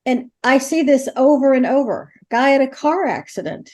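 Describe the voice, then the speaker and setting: A woman's voice: high voice, moderate pace. Older woman telling ghost stories. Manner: animated storytelling, acting out the dialogue. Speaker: interview guest, ghost helper. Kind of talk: storytelling in an interview.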